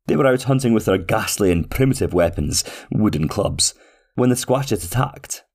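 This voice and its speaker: A pompous restaurant manager reads his own letter in a man's voice, formal, flowery and overly courteous. The voice sits a little low. He keeps a steady storybook tone. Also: normal speed, gravelly. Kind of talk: scripted reading of a letter.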